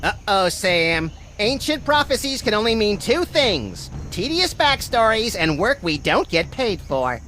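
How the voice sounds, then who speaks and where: A woman's voice: medium pitch, very animated, a little slow, hardly any pauses, a bit bright, slight background noise. A woman voicing a manic, gleefully violent little rabbit-like sidekick in a video game, wisecracking hyperactively.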